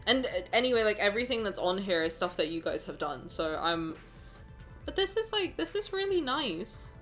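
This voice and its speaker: A young woman streaming live, chatting casually with her viewers in an excitable, exclamatory way, swearing now and then and sounding close to tears. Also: medium pitch, normal speed. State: emotional, near tears. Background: faint music.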